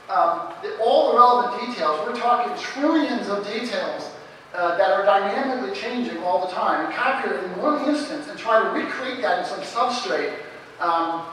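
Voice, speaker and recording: High, bright-voiced man in an echoey hall. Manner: animated, anecdotal, restarts sentences often. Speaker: guest speaker in a Q&A. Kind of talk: live Q&A answer. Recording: echoey hall from a distant mic, faint background noise.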